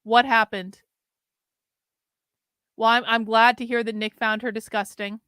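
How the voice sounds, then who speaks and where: Female host, bright crisp voice, gossipy and chatty, reacting to clips. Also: a little high, level tone, dry recording, studio quality. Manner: chatty, gossipy, quick asides. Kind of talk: casual reaction commentary.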